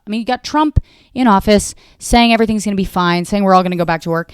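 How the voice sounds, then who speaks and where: Casual American podcast host in her thirties, crisp voice, bone-dry sound, rambling and self-mocking with frequent profanity. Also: lowish voice, brisk, no room sound. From United States. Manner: talks to her dog mid-show. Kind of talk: casual solo monologue.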